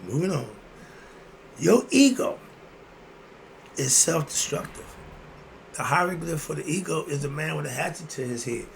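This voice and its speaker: Guy with a gravelly voice doing a preachy rant, asks questions and answers them, gets loud fast, bit of noise behind him. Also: fairly high pitch, expressive. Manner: emphatic and preachy, with rhetorical questions and sudden loud bursts. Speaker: commentator. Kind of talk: ranting commentary monologue.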